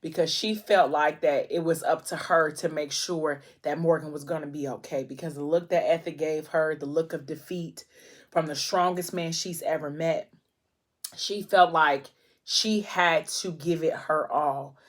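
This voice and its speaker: A woman with a notably low voice recaps a novel for her viewers in a loose, chatty vlog. She tells it with feeling and plenty of "um" and "like" as she goes. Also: steady tone, a little slow. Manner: chatty, emotional retelling with many fillers. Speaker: book vlogger. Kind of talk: casual book recap while eating.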